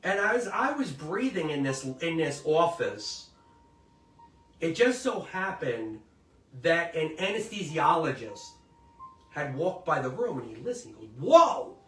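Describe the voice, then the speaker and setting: A man's voice: a little high, sing-song, measured pace, fairly bright tone. A middle-aged man hosting a commentary show, telling stories in a casual, emphatic, rambling way and often asking listeners to agree. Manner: emphatic, rambling storyteller who seeks agreement. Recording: roomy, distant mic with faint music.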